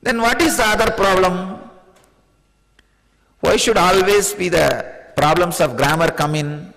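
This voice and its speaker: A man's voice: sits high, measured pace, gravelly, a bit bright, long reverb tail. A man from India with an Indian accent giving a spiritual discourse, playful and laughing often as he throws out rhetorical questions. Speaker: spiritual teacher.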